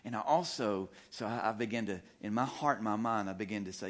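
A man's voice: lowish voice, a little fast, few pauses, a bit bright. A man preaching a sermon as pastor, repeating phrases and putting questions to the congregation. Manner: repetitive, emphatic, asks the congregation questions.

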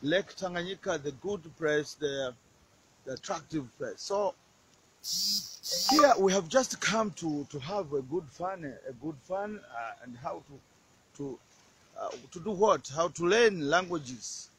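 A man's voice: a little high, expressive, takes it slowly, background noise. A man giving a casual outdoor language lesson by a lake, repeating words often and hesitating with many fillers. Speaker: language teacher.

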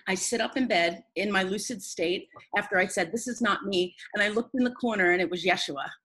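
Woman, interview guest, breathy voice, mid pitch, earnest rambling storytelling. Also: a little fast, a bit bright, rough recording. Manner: rambling, earnest, with many restarts. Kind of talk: personal storytelling in conversation.

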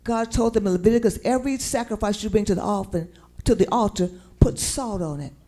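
With a medium-pitched, warm voice and a brisk delivery, a Southern American woman leads a sermon punctuated by sung lyrics. Her congregation responds in call-and-response within the church sanctuary.

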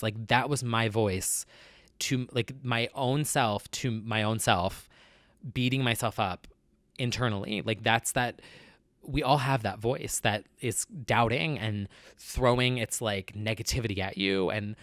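A man's voice: on the low side, measured pace, a bit bright, no echo, clean studio sound. A man with a nasal voice, talking earnestly and confessionally in a casual personal vlog, with many fillers. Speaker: vlogger.

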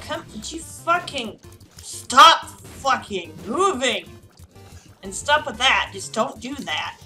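A tipsy woman playing a video game, cursing and grumbling at it in casual commentary. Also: on the high side. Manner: profane, exasperated, yelling at the game. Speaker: let's play gamer.

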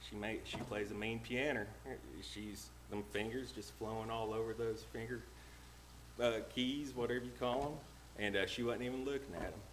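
A man's voice: fairly low pitch, fairly even intonation, slight background noise, low-quality recording. Folksy preacher man. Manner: plain-spoken and homespun, reads King James verses slowly. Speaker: lay preacher. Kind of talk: folksy sermon with scripture reading. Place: church sanctuary.

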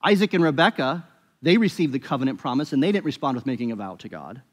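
Pastor preaching in a reverberant church. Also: male voice, medium pitch, lively intonation, fast. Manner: conversational preaching with emphatic rises and frequent restarts. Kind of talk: sermon. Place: church sanctuary. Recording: long reverb of a church hall.

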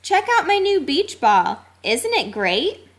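A woman voicing a small, excitable male dog in a storybook read-aloud, eager and excited. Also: high-pitched, slow, exaggerated voice.

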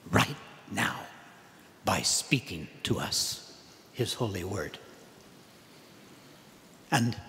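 Male abbot, sermon delivery, middle pitch, acts out prayers, long church echo. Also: a little hiss or hum. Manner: animated, acts out the prayers and the people in the pews. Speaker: abbot giving a parish mission talk.

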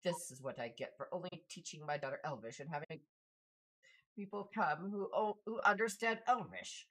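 A man voicing a fussy old father who has been stuck in his hut for years, talking haltingly with hums and mutters. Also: on the high side, fairly bright tone, low-quality recording.

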